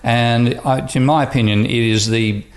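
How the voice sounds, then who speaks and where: A man's voice: medium pitch, fairly even intonation, normal speed. A man, a professor who is a guest on a podcast, talking casually and telling anecdotes, with many restarts.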